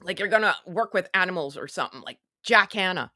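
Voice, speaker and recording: A woman's voice: lowish voice, expressive, fast talker, sharp tone, no room sound, studio quality. A woman hosting a casual live stream, talking in a sarcastic, rambling, chatty way. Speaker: online show host.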